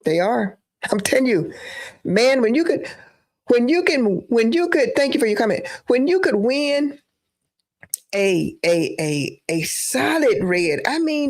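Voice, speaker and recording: A woman's voice: fairly high pitch, vocal fry, a little mellow. A woman giving emphatic live-stream political commentary, repeating phrases for emphasis.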